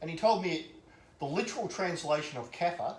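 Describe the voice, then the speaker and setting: A man's voice: fairly high pitch, expressive, fairly quick, distant mic. An Australian man cracking dry jokes as a co-host in casual drinking banter. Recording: echoey room with faint background noise.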